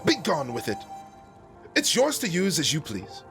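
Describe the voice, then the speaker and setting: A man voicing a snooty ancient female water dragon in a video game, speaking in a haughty, regal, drawn-out way. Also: fairly high pitch, wildly swooping pitch, music in the background, exaggerated voice. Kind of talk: voicing game characters on a stream.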